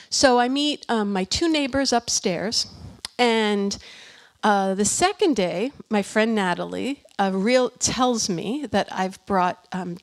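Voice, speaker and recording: A middle-aged woman minister telling a personal story in a sermon, animated and chatty, with many fillers and restarts. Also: medium pitch.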